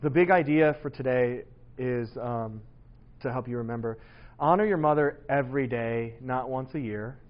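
A man in his forties giving a casual, lively sermon to teenagers. He tells stories about his children, acts out their voices and laughs often. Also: medium pitch, moderate pace, highs cut off. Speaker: youth pastor.

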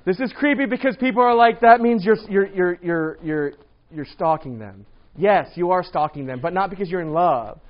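A man preaching a casual, lively sermon to a congregation, often asking "right?" and acting out what people say. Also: mid-range voice. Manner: lively, rhetorical, acts out quoted voices. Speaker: pastor. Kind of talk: sermon on dating and marriage. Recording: dull lo-fi recording.

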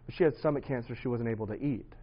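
A man in his thirties shares his testimony in an earnest, conversational way. His voice sits at an ordinary middle pitch, and the recording sounds a bit dull and lo-fi. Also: rapid-fire, slightly rough. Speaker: speaker sharing his testimony. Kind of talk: personal testimony talk.

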